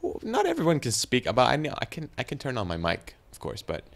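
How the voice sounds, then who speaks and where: A teenage boy giving rambling, excitable commentary while playing a video game. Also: mid-range voice, quick pace, gravelly. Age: teens. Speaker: gaming channel host. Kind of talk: gameplay commentary.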